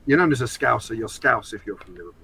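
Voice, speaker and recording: A man's voice: mid-range voice, lively intonation, fast talker, creaky, pushed and bright, rough recording. A man, a guest on a podcast, chatting casually and explaining details knowledgeably. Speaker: guest, fan website editor. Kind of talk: casual chat. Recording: faint background noise.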